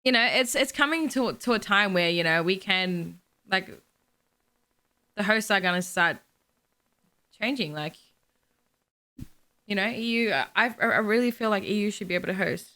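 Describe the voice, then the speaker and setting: A young woman co-hosting a relaxed gaming chat, with a bright, forward tone. She talks in bursts, restarting her sentences and laughing between thoughts. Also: mid-range voice, moderate pace, long pauses. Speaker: podcast co-host.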